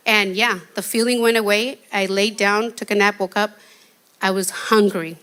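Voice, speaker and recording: A shy woman giving an earnest, halting testimony in a church interview. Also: medium pitch, little pitch movement, fairly bright tone.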